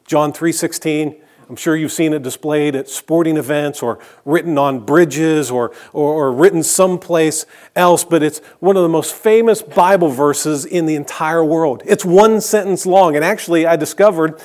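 Earnest man preaching a sermon. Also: a little high. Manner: earnest preaching, slows and drops to a hush for emphasis. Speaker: pastor.

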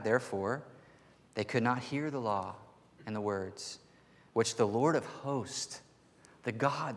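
A man preaching a sermon to his church in an earnest voice that rises to forceful emphasis. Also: mid-range voice. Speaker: pastor. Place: church sanctuary. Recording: long hall reverb.

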